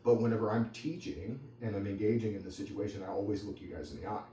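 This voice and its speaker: A mellow-toned man explains dog training to a small group, wandering through anecdotes and asides as he talks. He sounds set back from the mic, and the room around him rings with a faint hum beneath. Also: fairly low pitch, steady tone, fast. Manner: conversational, rambling with anecdotes and asides. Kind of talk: informal teaching talk to a small group. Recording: echoey room, distant mic, faint background noise.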